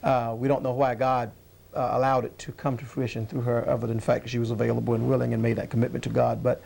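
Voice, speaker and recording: A man guest in an interview, recalling his past calmly with many pauses and fillers. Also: mid-range voice, vocal fry, slight background noise. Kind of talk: conversational interview.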